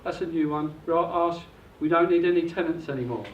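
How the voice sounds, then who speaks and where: Older guy selling a property seminar, highish voice, dull muffled echoey recording. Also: a little fast, far from the mic, a little hiss or hum. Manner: upbeat, salesy pitch. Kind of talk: seminar presentation. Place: hotel function room.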